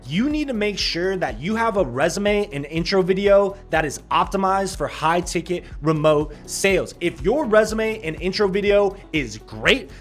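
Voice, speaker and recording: Upbeat salesy man over soft music. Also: sits high. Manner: upbeat, salesy, sarcastic asides. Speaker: sales recruiter and channel host. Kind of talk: direct-to-camera pitch.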